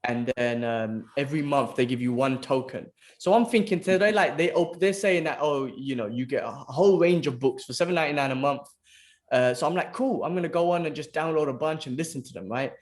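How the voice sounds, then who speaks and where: A podcast co-host chats casually with a friend in a medium-pitched, fairly quick voice. He tells stories with animation, swears freely, and says "bro" every few lines.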